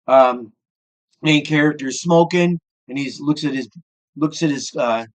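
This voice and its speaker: A middle-aged man with a Midwestern American accent, hosting a casual cooking show as a gruff, profane curmudgeon. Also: a little high, unhurried.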